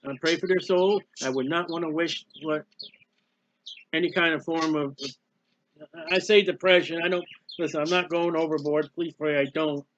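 A man giving a personal devotional talk as a preacher, emotional and halting, sometimes crying out in prayer. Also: a little high, a bit bright, muffled recording, a little hiss or hum.

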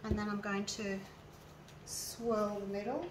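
A woman's voice: mid-range voice, flat delivery, measured pace, far from the mic. A woman chats her way through a hands-on craft demo, talking straight to her viewers as she works. She sits a little back from the mic, and a faint hiss runs underneath. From Australia. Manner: chatty, narrates each step aloud as she works, talks to viewers directly. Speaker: resin artist showing her craft. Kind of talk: casual hands-on craft tutorial. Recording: mic a little away, faint background noise.

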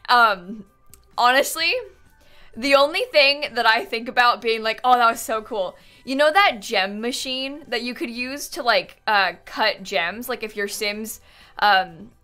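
A woman talks casually on a live game stream with a bright, sharp voice that swings widely in pitch. She rambles in a chatty way, full of fillers, and thanks her viewers by name. Faint music plays behind her. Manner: reads out and thanks chat viewers. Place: at home with her cat.

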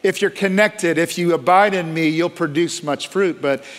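A man's voice: fairly high pitch, normal speed, a bit bright, long reverb tail. A male pastor preaching a sermon, emphatic, stacking repeated phrases and calling for an amen. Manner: asks the congregation for an amen. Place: large church sanctuary.

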